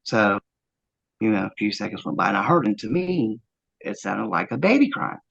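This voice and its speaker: A man earnestly recounting a first-hand encounter, halting often with fillers as he tells it. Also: on the low side, sing-song, gravelly, fairly bright tone, highs cut off. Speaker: eyewitness interviewee.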